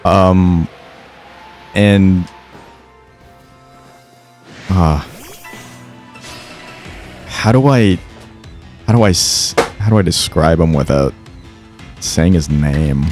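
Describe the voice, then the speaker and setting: A man's voice: sits low, very slow, pauses often, darkish tone, faint music behind. A young man telling a story casually on a gaming podcast, swearing freely and often restarting and stammering. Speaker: podcast co-host.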